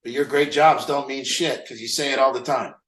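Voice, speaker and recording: A man's voice: medium pitch, steady tone, brisk, fairly bright tone, roomy sound, low-quality recording. Candid man leading a group talk. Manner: candid, self-mocking, rhetorical questions. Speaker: recovery group leader.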